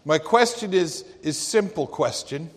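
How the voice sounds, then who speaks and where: A man's voice: a little high, animated, measured pace, long reverb tail, voice pushed up. A man voicing a blunt, plain-spoken old country preacher, folksy and emphatic.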